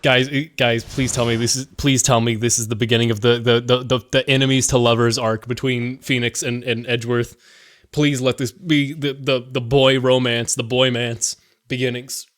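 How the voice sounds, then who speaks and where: A streamer chatting excitably and swearing while playing a courtroom game live. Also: medium pitch, normal speed. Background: game music.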